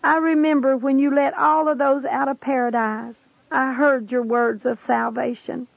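A woman's voice: high-pitched, little pitch movement, moderate pace, creaky, dry recording. A woman voicing a tormented ancient woman begging to be let out, in a pleading, desperate manner. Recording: tinny phone-like lo-fi recording.

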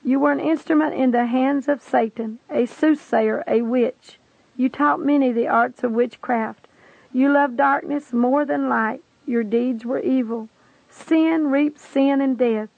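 A woman speaking the lines of Jesus in a slow, grave manner in a testimony reading. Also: on the high side, gravelly, dry recording. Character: sorrowful, solemn male Jesus speaking. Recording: tinny phone-like lo-fi recording.

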